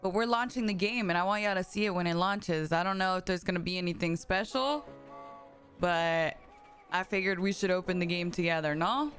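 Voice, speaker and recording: A woman livestreaming, chatting casually and excitedly with her viewers. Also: fairly low pitch, fairly quick, faint music behind. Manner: excitable, chatty, talks straight to her chat. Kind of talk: casual live-stream chat.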